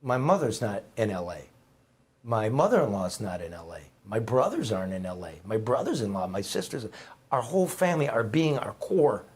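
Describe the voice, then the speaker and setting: His voice is low-ish, very animated and darkish with a breathy edge, moving at normal speed. He is a middle-aged guest and former newspaper reporter telling heartfelt stories in a rambling, emphatic, conversational style.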